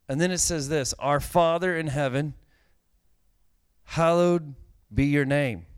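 A man's voice: fairly high pitch, takes it slowly, smooth, dry recording. A middle-aged man, a pastor, preaching a conversational sermon and telling stories with growing animation. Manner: conversational, animated storytelling with a dry joke.

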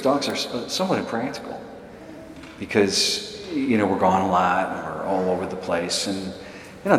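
Chatty priest in an echoey church. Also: male voice, low-pitched, a little hiss or hum. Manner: chatty, self-deprecating, laughs often. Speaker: parish priest. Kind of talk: homily with personal story.

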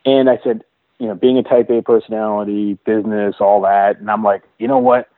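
A man with a somewhat low voice, sharing a personal story in an interview. He talks earnestly and haltingly, with frequent restarts and repeated words. The sound is dry and narrow, like a phone line. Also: fairly even intonation, no echo. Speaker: interview guest.

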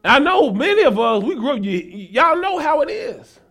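A male pastor preaching a sermon, mixing folksy asides to the congregation with rising, shouted exhortation. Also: very high-pitched, very animated, normal speed. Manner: folksy, talks to the congregation as y'all.

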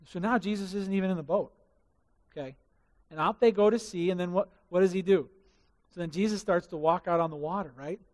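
A man preaching a sermon as pastor, telling the story in an animated way and asking the congregation questions. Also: high voice, a little fast, big-room sound.

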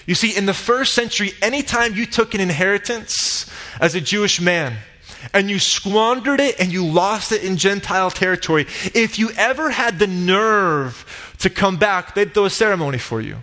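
Man, pastor, sermon storytelling, slightly high voice, dramatic swells. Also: expressive, moderate pace. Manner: dramatic retelling, rising to shouts in quoted lines. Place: church sanctuary.

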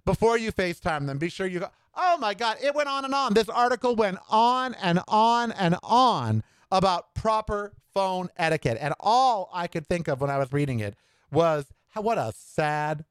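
Indignant, lively-voiced man ranting. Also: high voice, clear, resonant tone, dry recording. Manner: indignant, sarcastic, exclaiming. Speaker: podcast host. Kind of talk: solo opinion rant.

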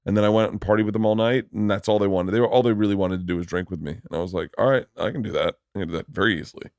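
Deep-voiced rowdy male podcast host. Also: racing, no room sound, clean studio sound. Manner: rowdy, animated anecdotes with profanity. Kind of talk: casual podcast chat.

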